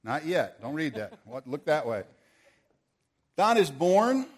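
A man preaching a sermon, swinging from forceful declarations to playful banter with volunteers he calls on stage. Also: a little high, big pitch swings, takes it slowly, breathy edge. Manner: rises to forceful proclamations, then playful and joking with volunteers. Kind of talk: sermon with live audience demonstration.

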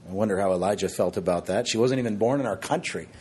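Husky-voiced man preaching with emphasis. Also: on the low side, fast. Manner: expressive, rhetorical questions with shifting emphasis. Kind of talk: sermon.

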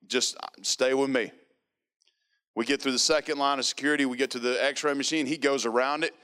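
A man's voice: mid-range voice, fairly even intonation, fast, sharp tone. A man preaching, telling a personal testimony emphatically, with lots of repetition. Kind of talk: sermon testimony.

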